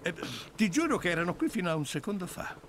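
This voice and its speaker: A man's voice: high voice, sing-song, very fast, a bit bright. A man voicing a timid, hesitant male underling soldier in a dubbed game cutscene. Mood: nervous. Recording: noisy game audio.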